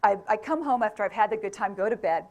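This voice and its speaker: Speaking fast in a mid-range, darkish voice, a middle-aged motivational speaker from England addresses a live crowd. She keeps throwing questions at them and frequently laughs.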